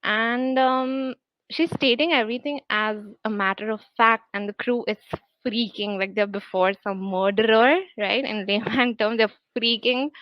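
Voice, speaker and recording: A woman's voice: on the high side, steady tone, measured pace, no room sound. A woman narrating a story casually and chattily, on a dull lo-fi recording. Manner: chatty, full of fillers like "like".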